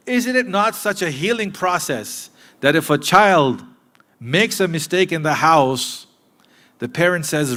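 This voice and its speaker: A man preaching a sermon in a mosque, earnest and direct with his listeners, moving between emphatic points and hushed asides. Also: a little high, animated, measured pace. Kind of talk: sermon to a live congregation.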